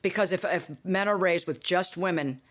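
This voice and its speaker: A woman's voice: lowish voice, normal speed, a bit bright. A woman talking in a casual, rambling monologue, blunt and profane, often making buzzing sound effects. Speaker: vlogger.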